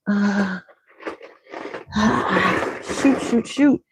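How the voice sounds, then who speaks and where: A woman's voice: mid-range voice, expressive, unhurried, darkish tone, husky, no echo. A woman hosting a beauty channel, chatting casually and scattered with viewers and greeting them by name. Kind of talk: casual chat with live viewers.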